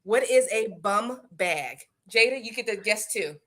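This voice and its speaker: A middle-aged woman guest in a casual live chat, telling stories in an animated, playful way. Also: medium pitch, unhurried.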